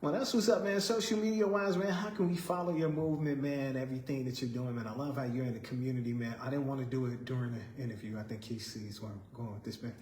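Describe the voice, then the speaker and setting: A man's voice: mid-range voice, steady tone, quick pace, few pauses, darkish tone. A man who grew up on the west side of Chicago, hosting a radio interview in a friendly, upbeat, casual way and saying "man" often. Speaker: radio host. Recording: echoey studio room.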